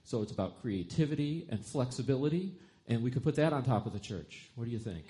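A man's voice: medium pitch, lively intonation, fast. Man leading a children's church message. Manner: gentle, playful, addressing children. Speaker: children's time leader.

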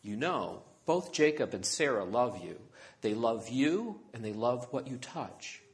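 A man voicing a patient father, speaking softly and explaining things calmly. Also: medium pitch, measured pace. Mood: gentle. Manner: calm, soft, explaining. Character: patient gentle father talking to his daughter.

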